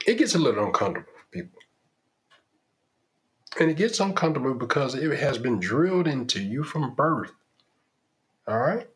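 A man hosting a podcast, delivering an opinionated monologue in an emphatic, preachy style with lots of rhetorical questions. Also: medium pitch. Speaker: podcast host.

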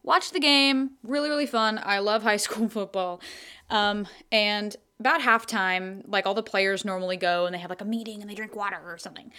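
A woman's voice: medium pitch, moderate pace, smooth. A young woman with a mid-range voice chats casually as a podcast co-host. She tells a story with lots of energy, swears without a second thought and laughs easily. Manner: animated, swears freely, laughs often.

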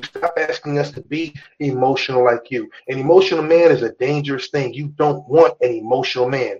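In dull-sounding audio, a male podcast host lectures his listeners in a blunt, profane, emphatic way. His pitch is fairly high, and the talk is casual and opinionated.

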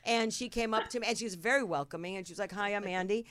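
A woman's voice: mid-range voice, rapid-fire, a bit bright, no room sound. A middle-aged woman from New Jersey with a New Jersey accent, hosting a talk show in a brash, rambling, swearing style. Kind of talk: casual chat.

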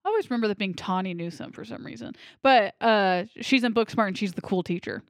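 A woman's voice: mid-range voice, fast talker, no echo, clean studio sound. A woman co-hosting a podcast, chatting casually and rambling about movies, laughing easily. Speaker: podcast co-host. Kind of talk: casual movie-review chat.

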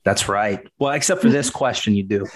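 A man's voice: on the low side, lively intonation, a crowd in the background. Teasing male trivia host. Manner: teasing, reads questions slowly. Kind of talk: casual quiz banter.

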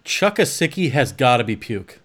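A man hosting a podcast in casual chat, joking and quick to laugh. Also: mid-range voice, very animated, a bit bright. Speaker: podcast host.

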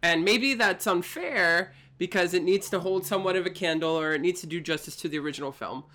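A man's voice: high voice, brisk, pushed and bright. A man co-hosting a film podcast, giving articulate, analytical opinions in long sentences. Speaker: podcast co-host. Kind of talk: casual chat.

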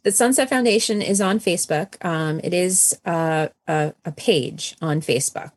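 A woman speaking as a guest in a podcast interview, in a chatty, lively way. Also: lowish voice, normal speed, breathy edge. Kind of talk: conversational interview.

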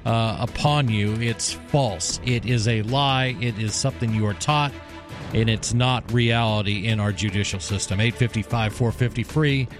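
A man's voice: medium pitch, normal speed, music in the background. Opinionated male talk radio host. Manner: opinionated, emphatic.

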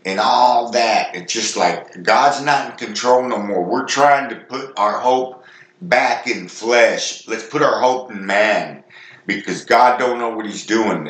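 A man's voice: on the low side, fairly bright tone, reverberant. A man preaching an informal sermon in a folksy, earnest, conversational way.

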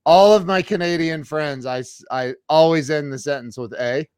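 A man's voice: a little high, normal speed, darkish tone, clear, resonant tone, no room sound, studio quality. A man hosting his interview show over a video call, friendly and eager, with frequent fillers. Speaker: podcast host. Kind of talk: casual interview.

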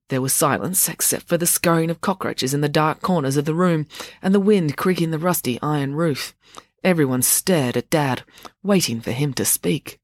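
A lively host reading a children's book aloud, moving through the narration with relish and then chatting straight to young listeners. The voice sits at a middle pitch. The recording is close and dry with no room sound. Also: normal speed, no echo. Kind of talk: storybook narration.

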